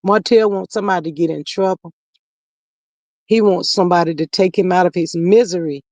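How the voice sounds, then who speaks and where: A woman hosting a livestream, reading viewer comments aloud in animated, gossipy chat and calling out to y'all. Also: lowish voice, brisk, dry recording. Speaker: livestream host.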